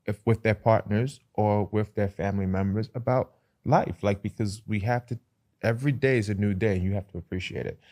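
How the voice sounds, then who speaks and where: A man from Brooklyn, hosting a casual interview podcast and talking in an animated, slangy way with frequent laughter. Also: on the low side, fairly quick. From Brooklyn, New York. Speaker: podcast host.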